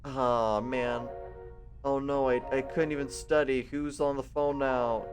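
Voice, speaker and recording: A man's voice: mid-range voice, little pitch movement, slow, over music. A man reading a visual novel aloud as a let's play, with playful, rambling asides.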